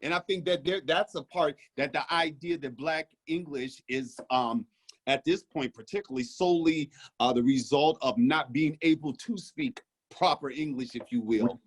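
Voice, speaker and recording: A man speaking reflectively in a casual discussion, measured and given to telling stories. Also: a little high, slightly rough. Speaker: discussion panelist. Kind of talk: casual video-call discussion.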